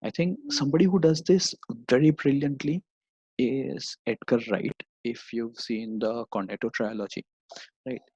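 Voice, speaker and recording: A man's voice: medium pitch, fairly even intonation, normal speed, a little mellow, husky, dry recording, lo-fi sound. A man talking casually as a podcast guest over a video call, wandering through his points and tagging sentences with "right?" and "you know". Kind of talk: casual chat.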